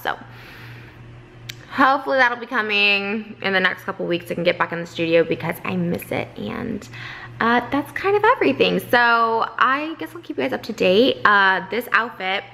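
A woman's voice: mid-range voice, creaky, sharp tone, slight background noise. A woman in her twenties chatting casually to camera in a home vlog, gushing and rambling with lots of "like" fillers. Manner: gushing, rambling, says "like" a lot. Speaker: vlogger. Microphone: on-camera mic.

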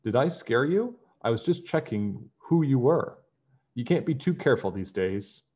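A man's voice: medium pitch, lively intonation, normal speed, mellow, husky, dull audio, pitched above the performer's own voice. A man voicing a short, plump, chuckling witch woman in a storybook. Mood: teasing. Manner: chuckling, teasing.

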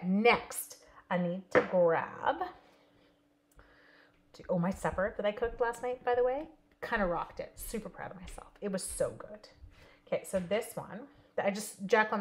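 A little hiss or hum sits under her medium-pitched voice while she runs a relaxed live card-stamping session, addressing viewers by name in a friendly, talkative way.

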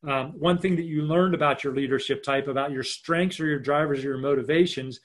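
A man coaching a live online leadership workshop over a video call, in a chatty, informal way, acting out quick example lines. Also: on the high side.

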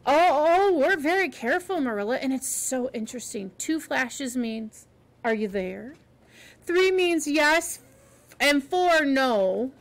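A woman reading aloud and voicing an eager, chatty young girl who pleads excitedly. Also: sits high, slow, heavily acted.

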